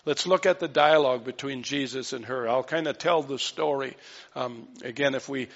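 A man's voice: medium pitch, moderate pace. Man preaching in a reverberant hall. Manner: storytelling, acts out quoted voices with dropping softness. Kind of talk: sermon. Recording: dull lo-fi sound with long hall reverb.

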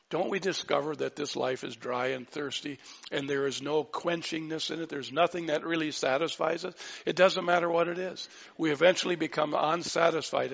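A man's voice: on the high side, creaky, a bit bright. A man preaching a sermon, fervent, rising to exclaim lines of scripture. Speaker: pastor. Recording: dull sound in a reverberant hall.

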